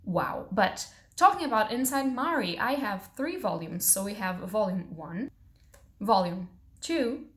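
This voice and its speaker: Woman book vlogger, rapid chatty delivery, playful and self-deprecating, casual at-home haul video. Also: mid-range voice, lively intonation. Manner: fast-talking, bubbly and self-mocking. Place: at home, in pajamas.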